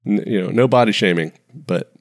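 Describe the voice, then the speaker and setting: A man co-hosting a movie podcast, joking around in an animated, chatty way. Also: on the low side, moderate pace, vocal fry, no room sound, studio quality. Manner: animated, jokey, swoops up in surprise. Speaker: podcast co-host. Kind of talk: casual movie podcast chat.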